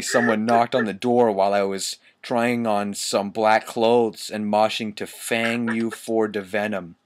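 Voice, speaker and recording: A man reading badly written fan fiction aloud for laughs, amused and stumbling over misspelled words. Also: fairly low pitch. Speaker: reader.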